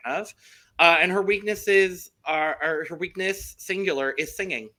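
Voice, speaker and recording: A man's voice: high-pitched, moderate pace, bright, forceful tone. A man co-hosting a casual podcast chat, enthusiastically running through contestant details. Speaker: podcast co-host.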